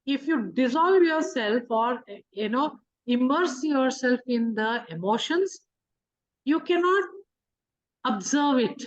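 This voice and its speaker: Woman, spiritual teacher, higher voice, explanatory talk with rhetorical questions, dull lo-fi audio. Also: expressive, takes it slowly. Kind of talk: teaching talk on emotions and manifestation. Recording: dull lo-fi recording.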